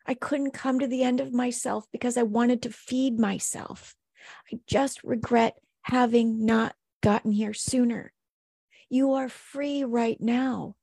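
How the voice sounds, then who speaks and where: A woman's voice: a little high, steady tone, unhurried, vocal fry, a little mellow, no room sound, clean studio sound. A woman coaching on a faith-based weight loss podcast, speaking earnestly and emphatically, piling up repeated exhortations. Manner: earnest, emphatic, preachy repetition. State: emotional.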